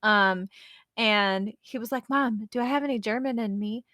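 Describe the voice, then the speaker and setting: A woman's voice: a little high, normal speed, bright, forceful tone, dry recording, studio quality. A middle-aged woman telling stories in a casual chat and laughing often. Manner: giggly storyteller, laughs often.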